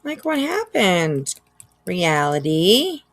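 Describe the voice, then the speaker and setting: Lady streamer chatting slow and low, giggles a lot, reads chat out. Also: big pitch swings. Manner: chatty, laughs often, reads chat aloud. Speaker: livestream host. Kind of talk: casual reaction commentary.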